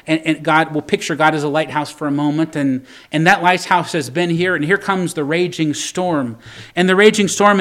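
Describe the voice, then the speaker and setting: A man preaching a sermon, calling out emphatic appeals to the congregation and reading scripture slowly and deliberately. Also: a little high, fairly bright tone.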